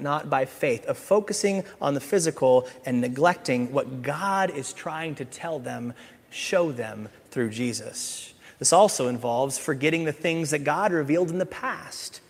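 Animated preaching pastor with a high voice. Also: male voice, unhurried. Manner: animated, swings from loud emphasis to hushed asides, playful voices for the disciples. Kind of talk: sermon. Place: church sanctuary. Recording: church hall with long reverb.

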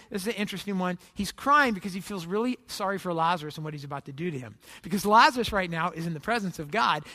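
Bright-voiced pastor in a reverberant hall. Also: mid-range voice. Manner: conversational storytelling, many restarts and rhetorical questions. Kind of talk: sermon.

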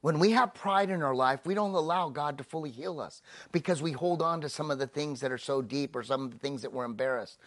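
A male pastor preaching a sermon, emphatic, slowing down on key phrases and dropping soft and low at the close of a thought.

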